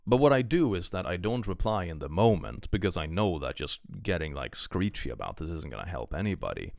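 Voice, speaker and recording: Deep-voiced man ranting on stream. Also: sing-song, brisk, vocal fry, a little mellow, no echo, clean studio sound. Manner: reads posts aloud then rants about them, swears freely. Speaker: streamer reacting to online posts. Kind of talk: casual live-stream commentary.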